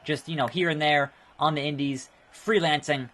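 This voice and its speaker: Male let's play host, casual and reactive, slightly high pitch. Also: fairly even intonation, moderate pace, a little hiss or hum. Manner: chatty, reacts loudly to the game. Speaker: gaming video host.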